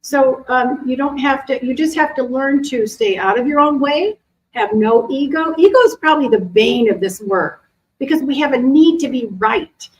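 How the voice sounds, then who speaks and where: A middle-aged woman, an animal communicator, chatting casually to a live audience and answering questions in a lively, animated way. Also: sits high, normal speed, poor audio. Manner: chatty, animated, acts out quoted voices. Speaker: animal communicator and intuition teacher.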